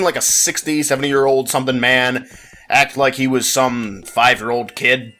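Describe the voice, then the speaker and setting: A man's voice: mid-range voice, normal speed, pushed and bright, a little hiss or hum. A young man chatting casually over gameplay, rambling with frequent laughs and restarts. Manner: rambling, giggly, self-interrupting. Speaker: gameplay commentator. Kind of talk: casual let's play chat.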